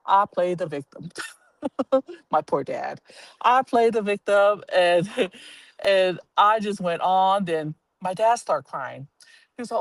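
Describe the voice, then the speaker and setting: Animated storytelling man, dry close sound. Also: high voice, slow pace, gravelly, dry recording. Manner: animated, acts out quoted voices, laughs while telling; blunt, swears casually. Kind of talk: personal storytelling to a live audience.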